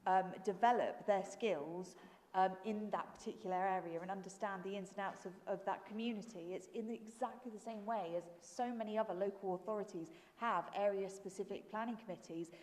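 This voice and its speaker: A woman's voice: mid-range voice, steady tone, fairly quick, a little mellow. A woman leader speaking in a council meeting debate, earnest, with frequent ums and restarts. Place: large council chamber. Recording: long hall reverb.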